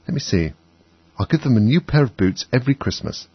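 A man's voice: mid-range voice, sing-song, brisk, slightly rough, no echo. A man voicing a curious little girl who talks to herself, frets and scolds herself, in a dry, dull audiobook reading. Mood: fretful.

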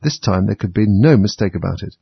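Low gravelly male storybook narrator. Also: expressive, brisk, no echo, dull audio. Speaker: audiobook narrator. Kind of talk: storybook reading.

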